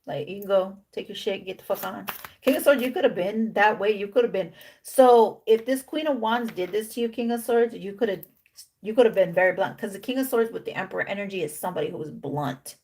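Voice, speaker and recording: A woman's voice: mid-range voice, fairly quick, darkish tone, slight background noise. Woman giving an emphatic tarot reading. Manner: drops in Spanish slang words; acts out imagined dialogue of the cards' figures. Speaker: tarot reader. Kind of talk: casual tarot reading to camera.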